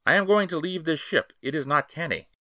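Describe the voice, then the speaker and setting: A man's voice: fairly high pitch, brisk, bright, forceful tone, no room sound, clean studio sound, voice pushed up. A man voicing a blunt, stubborn ship's surgeon who talks curtly and firmly, a little triumphant, in a raised voice. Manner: curt, firm, a bit triumphant.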